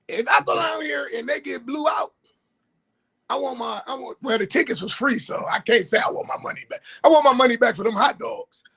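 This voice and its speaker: A man co-hosting a casual sports talk livestream, telling stories with laughter and loud bursts. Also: very high-pitched, brisk, vocal fry, slightly rough. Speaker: co-host. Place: livestream call.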